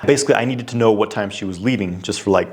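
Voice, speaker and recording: Speaking as a relationship coach, a man addresses the viewer head-on in a direct, conversational way, firing pointed questions and leaning on frequent fillers. His voice is fairly low, a little mellow, and rapid-fire.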